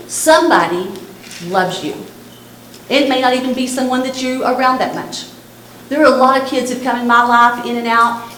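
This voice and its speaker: A woman's voice: fairly high pitch, a bit bright, roomy sound, slight background noise, low-quality recording. A middle-aged woman from Texas with a Texan accent, speaking earnestly and directly to students at a church. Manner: earnest, repetitive, direct to young listeners. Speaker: suicide prevention speaker. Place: church hall.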